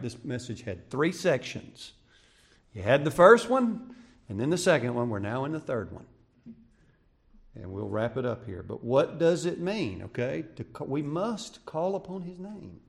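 A male pastor preaching a sermon, swinging between raised, emphatic cries and hushed, quiet passages. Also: mid-range voice, gravelly. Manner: preaching with rising shouts and hushed drops.

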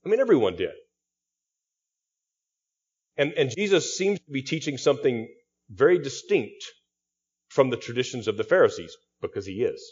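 Guy pastor explaining scripture, lots of restarts, husky voice, muffled lo-fi recording. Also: medium pitch, darkish tone. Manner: expository teaching with frequent restarts and repeated words. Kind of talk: sermon.

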